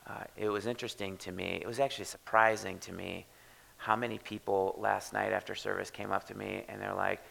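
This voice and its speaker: A man pastor preaching a sermon in church, talking in a loose, conversational way that drops to hushed, soft stretches. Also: fairly low pitch, flat delivery, brisk, creaky, rough recording.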